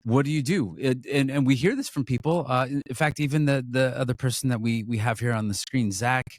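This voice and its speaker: A man's voice: mid-range voice, no echo. A man co-leading a ministry, talking earnestly in a casual fundraising chat, full of restarts and fillers. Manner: earnest, halting with many restarts. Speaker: ministry co-leader.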